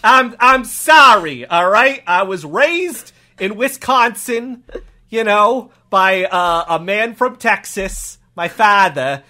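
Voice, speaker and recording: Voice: mid-range voice, lively intonation, slow, pushed and bright, voice pushed up. A performer improvising a bumbling small-town cop with a put-on Texas drawl, rambling and stammering. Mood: blustering. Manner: rambling, stammering, repeating "all right". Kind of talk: improv comedy scene.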